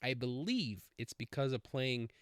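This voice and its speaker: A man's voice: mid-range voice, animated, unhurried, smooth, no echo, clean studio sound. A man hosting a casual solo podcast, rambling with many fillers and self-corrections. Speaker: podcast host.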